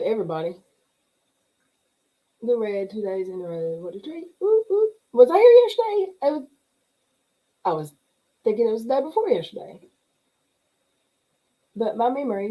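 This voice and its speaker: A middle-aged woman with a drawl and a mellow, relaxed voice chats loosely through a livestream. She laughs often and greets each viewer by name as the comments scroll past. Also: medium pitch, rough recording. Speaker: livestream host. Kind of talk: casual chat reading live comments.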